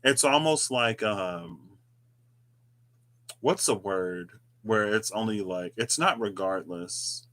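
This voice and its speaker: A man's voice: lowish voice, slow, fairly bright tone. A man hosting a tarot reading video, musing aloud in a casual, rambling way with chatty asides. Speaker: tarot reader, channel host. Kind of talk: casual reflective monologue.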